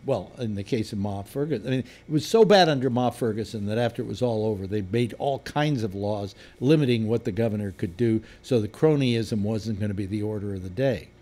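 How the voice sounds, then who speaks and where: A man's voice: on the low side, brisk, hardly any pauses, mellow. An older man hosting a live panel chat, talking casually and rambling with restarts. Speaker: host.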